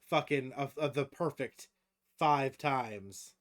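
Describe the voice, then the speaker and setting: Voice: medium pitch, slow. Foul-mouthed casual game master. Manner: casual, swears freely, laughs often. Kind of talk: running a tabletop game on stream.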